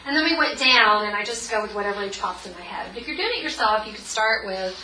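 Woman, forties, workshop leader: bright, chatty, encouraging, a bit distant in a roomy space. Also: medium pitch, lively intonation, fast talker. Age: 40s. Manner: chatty and encouraging, with many fillers. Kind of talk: guided group tapping session. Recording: echoey room, mic far off, faint noise.

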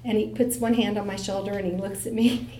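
A middle-aged woman giving a motivational talk to a live audience, telling stories with lively acted-out quotes. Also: medium pitch, quick pace, reverberant, slight background noise. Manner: animated storyteller, acts out voices in quotes. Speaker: speaker.

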